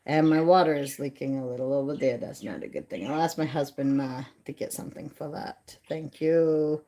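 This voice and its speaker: A woman's voice: a bass voice, moderate pace, warm tone. A middle-aged woman hosting a casual livestream from home on her phone, chatty and laughing at her own stories. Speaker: livestream host. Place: home, by a bedroom window. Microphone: phone held in hand.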